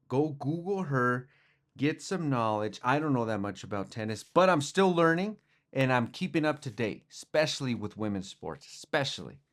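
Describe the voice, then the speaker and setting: Rambling man hosting a sports podcast. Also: medium pitch. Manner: rambling, conversational, many fillers and restarts. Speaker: podcast host. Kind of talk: casual sports chat.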